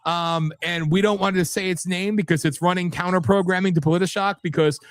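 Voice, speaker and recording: A man's voice: high voice, fairly even intonation, fairly quick, clean tone, dry recording, clean studio sound. A man hosting a live talk show, rambling and blunt, repeating words and swearing freely. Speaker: host.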